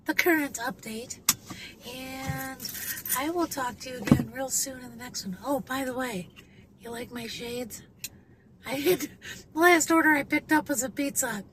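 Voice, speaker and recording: A woman's voice: high voice, moderate pace. A woman in her fifties, chatting through a rambling video update from inside her car. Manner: rambling, chatty, frequent fillers and restarts. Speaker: vlogger. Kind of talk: casual vlog update. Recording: audible car noise. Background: car and road noise.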